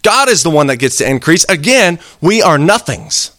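A man's voice: fairly high pitch, big pitch swings, moderate pace, pushed and bright, no room sound. A man preaching a sermon in an earnest, conversational way, acting out little quoted exchanges.

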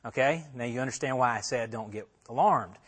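Speaking fairly quickly at medium pitch, a man with a breathy edge preaches an expository sermon on a Bible passage. He talks it through conversationally, posing questions to listeners and going back over his points.

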